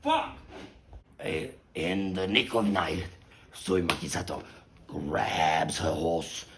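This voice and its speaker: A deep-voiced man rambles through a crude comic tale, swearing freely and swinging his pitch all over. His voice is gravelly and heard from off mic in an echoey room. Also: distant mic, noisy background. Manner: profane, rambling, animated. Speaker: storyteller.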